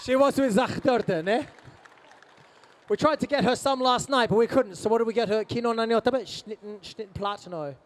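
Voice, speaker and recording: A man's voice: very high voice, fairly quick, some chatter behind. A man answering fan questions on a convention stage, playful and teasing, slipping in Japanese phrases. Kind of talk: lively stage Q&A banter.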